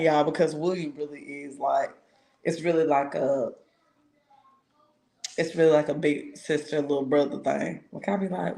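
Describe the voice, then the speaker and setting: A woman's voice: low voice, unhurried, gravelly, long pauses, reverberant. A woman, a tarot reader, chatting casually with her viewers, telling stories with lots of laughter and slang. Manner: laughs often, animated storytelling, slangy. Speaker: tarot reader and spiritual consultant. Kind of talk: casual livestream chat with viewers.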